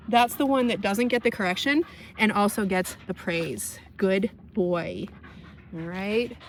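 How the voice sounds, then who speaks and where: A woman dog trainer working a dog outdoors, calmly explaining her methods between sharp raised commands. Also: medium pitch, a little hiss or hum.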